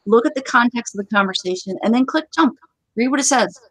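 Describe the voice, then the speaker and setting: A woman hosting a live gaming community chat, giving brisk, emphatic instructions. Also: on the high side, animated, dry recording, rough recording. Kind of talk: live stream casual chat.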